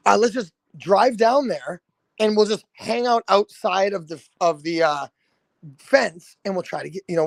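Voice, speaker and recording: A man in his thirties from the American Midwest, a guest telling a casual story, animated and swearing freely. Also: high-pitched, gravelly, no room sound. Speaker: guest, lead singer.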